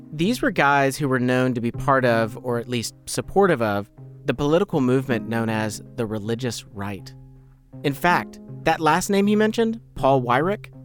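Man hosting a podcast, calm narration. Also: mid-range voice. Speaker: podcast host.

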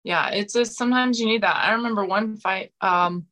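A woman's voice: mid-range voice, normal speed, bright, forceful tone. A woman in her forties, a guest fighter talking frankly in a casual interview, with many fillers and restarts. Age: 40s.

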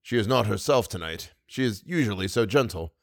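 A man voicing a polite, calm middle-aged doctor with a pleasant manner. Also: on the low side, fairly quick, gravelly, no echo, studio quality, pitched below the performer's own voice. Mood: concerned.

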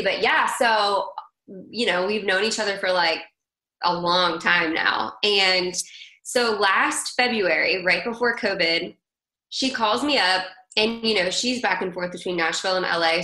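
A woman's voice: mid-range voice, moderate pace, pushed and bright, echoey room, poor audio. A woman guest chatting animatedly in an interview, telling stories with lots of "like". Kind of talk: casual conversational storytelling.

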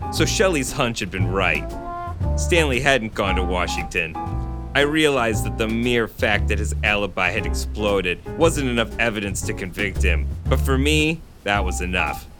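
A man's voice: fairly low pitch, normal speed, music in the background. A man co-hosting a podcast who reads a story aloud and chats casually, laughing often. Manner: animated, laughs often while reading. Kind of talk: casual chat and story reading.

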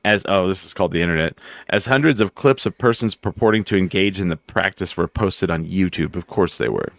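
A man's voice: sits low, a little fast, creaky, fairly bright tone, no echo. A man co-hosting a comedy podcast, reading articles aloud and cracking jokes in casual chat. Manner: reads out articles with wisecracks. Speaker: podcast co-host.

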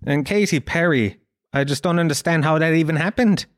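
Sweary, self-mocking podcast host. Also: male voice, fairly high pitch, fairly quick, no room sound, studio quality. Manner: profane, self-mocking ranting. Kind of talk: comedic podcast monologue.

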